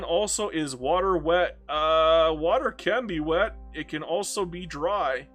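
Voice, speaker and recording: A man's voice: high-pitched, measured pace, few pauses, bright, forceful tone, soft background music. A Canadian man from Alberta, streaming a strategy game and chatting casually, ranting with plenty of swearing and laughing between jabs. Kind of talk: casual livestream chat.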